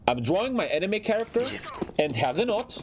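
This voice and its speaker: A man's voice: sits high, brisk, background noise. A man with a German accent, a streamer telling a personal story in casual, swearing, repetitive style while gaming. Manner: animated, swears often, repeats phrases for emphasis.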